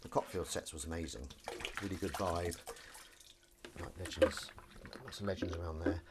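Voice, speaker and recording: A man's voice: low voice, moderate pace, very noisy. A middle-aged man, chatting casually on a live stream while washing up, reading comments aloud and laughing along. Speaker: live stream host and actor.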